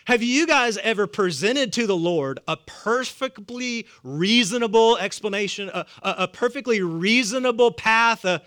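High, bright-voiced Southern preacher. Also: male voice, expressive, unhurried, smooth. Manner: humorous, chuckles often, loose and conversational. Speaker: pastor. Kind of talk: sermon.

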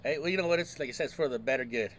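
A man's voice: mid-range voice, rapid-fire, slight background noise. A man co-hosting a podcast in casual chat, joking and swearing freely in a community center. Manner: joking, profane banter. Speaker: podcast co-host.

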